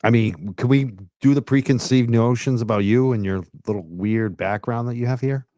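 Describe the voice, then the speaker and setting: Low mellow dude heckling sarcastically, dry close mic. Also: male voice, moderate pace, no room sound. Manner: sarcastic, mocking. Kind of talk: casual banter.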